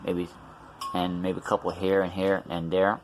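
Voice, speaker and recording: A man's voice: sits low, completely flat delivery, moderate pace, faint music behind. A man vlogging casually about his tooth extraction, rambling with many fillers and restarts, his mouth still numb. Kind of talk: casual storytelling vlog.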